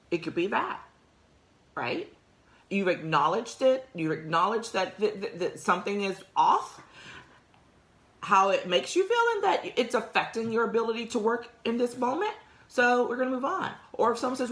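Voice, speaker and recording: Her voice is a little high, animated and fairly bright, at normal speed, with reverberation around it. She's a podcast host offering casual career and workplace advice in a conversational, emphatic way, with plenty of laughs.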